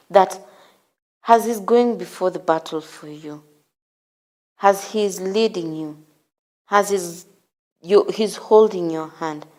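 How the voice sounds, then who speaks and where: A woman hosting a morning devotional, preaching slowly with repeated, encouraging exhortations. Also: on the low side, darkish tone. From Kenya. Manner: slow, repetitive, encouraging exhortation. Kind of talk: sermon.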